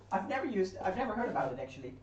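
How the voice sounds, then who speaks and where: A woman's voice: mid-range voice, wildly swooping pitch, fast talker, highs cut off, noisy background. Chatty woman cooking, echoey kitchen. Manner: chatty, reads chat aloud, laughs easily. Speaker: livestream co-host. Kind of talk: casual chat while cooking. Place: home kitchen. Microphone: distant room mic. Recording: echoey kitchen from far off, clattering pans.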